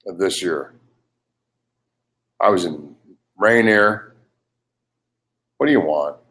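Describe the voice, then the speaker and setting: A man's voice: low voice, slow pace, a bit bright. An older man in a heated live webcast argument, ranting in an agitated, profane way. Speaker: livestream participant.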